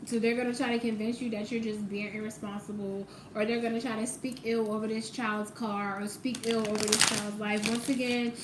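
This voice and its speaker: A woman's voice: fairly high pitch, level tone, fairly quick, hardly any pauses, reverberant, noisy background. A woman doing a casual tarot reading, talking straight to the viewer with emphasis and casual swearing. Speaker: tarot reader.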